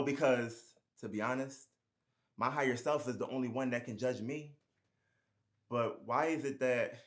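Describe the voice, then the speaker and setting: A man performing his spoken word poetry, rhythmic and impassioned, moving between hushed lines and raised, forceful ones. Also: fairly high pitch. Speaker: poet.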